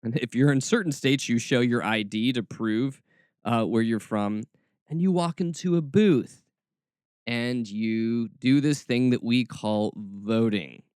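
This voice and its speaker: A man's voice: mid-range voice, measured pace, clear, resonant tone, no echo, clean studio sound. A man hosting a podcast, giving snarky, exasperated commentary. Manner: sarcastic, exasperated, animated. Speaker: podcast host.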